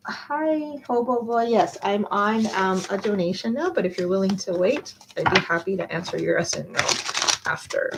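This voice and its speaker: A woman's voice: mid-range voice, expressive, normal speed, gravelly, very noisy. A woman doing a live tarot reading, chatting casually and rambling with lots of fillers and self-corrections. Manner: chatty, rambling, many fillers and self-interruptions, laughs often. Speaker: tarot reader.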